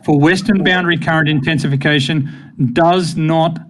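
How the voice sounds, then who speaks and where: A man's voice: on the high side, fairly even intonation, moderate pace, noisy background. Insistent man arguing on voice chat. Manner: insistent, stammering restarts when pressing a point. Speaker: debate participant on voice chat. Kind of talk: heated online debate.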